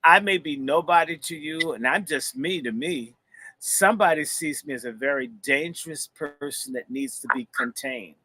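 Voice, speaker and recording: A man with a fairly high, bright and forceful voice hosts a livestream. His talk rambles and is blunt and profane, slipping into a preacher's cadence. The sound is dry and close. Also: moderate pace, no echo. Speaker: host and minister.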